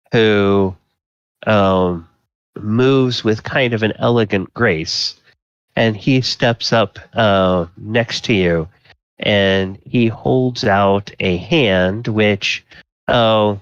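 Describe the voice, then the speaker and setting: Slow low-voiced male dungeon master. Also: clean tone, dry recording, muffled recording. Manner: slow, filler-heavy descriptive narration. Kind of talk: narrating a tabletop game.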